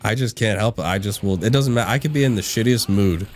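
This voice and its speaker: A man's voice: on the low side, fast talker, slight background noise. A man hosting a live gaming stream, chatting casually with his viewers, laughing often and answering the chat as he plays. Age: adult. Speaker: livestream gaming host.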